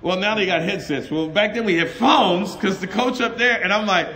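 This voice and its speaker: In a conference hall, a middle-aged preacher with a high-sitting voice gives a sermon at a moderate pace, recounting personal stories with animated, laughing energy and performing the dialogue himself.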